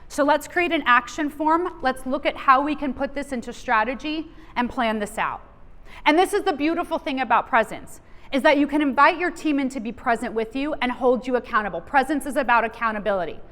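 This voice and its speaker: Woman on stage doing a motivational keynote, pretty high voice, lots of reverb from a big hall. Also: brisk. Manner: energetic, coaching the audience directly. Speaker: keynote speaker. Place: large event hall. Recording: long reverb of a large hall.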